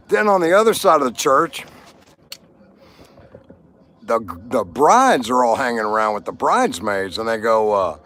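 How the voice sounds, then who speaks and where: A man's voice: medium pitch, lively intonation, moderate pace, long pauses, fairly bright tone. A man hosting a casual livestream, chatting with viewers and telling jokes. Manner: chatty, jokey, talks to viewers. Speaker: livestream host.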